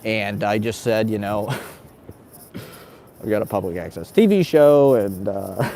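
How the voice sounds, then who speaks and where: A man's voice: on the low side, takes it slowly, dark tone, a little hiss or hum. A man, a stand-up comedian, ranting in a casual monologue, agitated and profane, laughing between his complaints.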